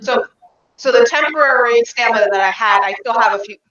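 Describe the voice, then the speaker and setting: Bright, chatty woman player. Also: a little high, brisk, highs cut off. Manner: chatty, laughs easily. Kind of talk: tabletop game chat.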